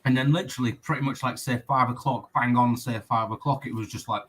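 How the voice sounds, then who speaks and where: A man's voice: medium pitch, fairly even intonation, fast, fairly bright tone. A man in casual livestream chat, talking in a chatty, repetitive way and swearing freely. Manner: chatty, swears, repeats "trust me" and "you know what I mean". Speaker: co-host.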